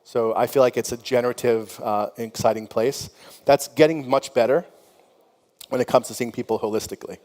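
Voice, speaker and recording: A middle-aged company founder on a conference panel tells frank, conversational stories with plenty of "you know" and laughter. His mid-range voice is steady, brisk and darkish, with long hall reverb from the conference hall.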